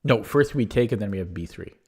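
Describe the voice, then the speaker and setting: A man streaming chess puzzles, thinking aloud with a husky, strained voice, often correcting himself. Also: lowish voice, expressive, dark tone. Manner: muttering, self-correcting, quick laughs.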